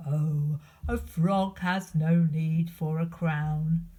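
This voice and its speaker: A woman's voice: deep voice, steady tone, very slow, warm tone. A woman voicing a small, friendly male frog in a storybook reading, patient and kindly. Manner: patient, kindly, then indignant.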